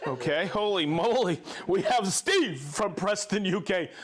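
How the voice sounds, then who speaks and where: A man's voice: high voice, animated. A man hosting a live show, reading out viewers' names and hometowns with jokes and stumbles over hard names. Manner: jokey, stumbles over place names, quick asides. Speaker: livestream host.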